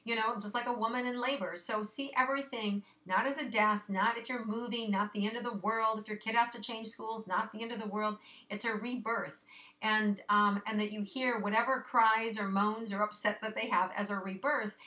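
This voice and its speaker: Woman host with a bright, clear voice, casual and encouraging, a little out of breath, speaking to viewers directly. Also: on the high side, fairly even intonation, moderate pace. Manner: chatty, reassuring, many fillers. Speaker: astrology forecaster. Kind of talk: casual monthly astrology forecast.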